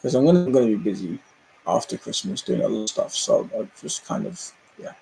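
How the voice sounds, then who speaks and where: A man hosting a casual livestream, ranting in an animated way, laughing often and swearing freely. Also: medium pitch, fairly quick, gravelly, a little hiss or hum. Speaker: livestream host.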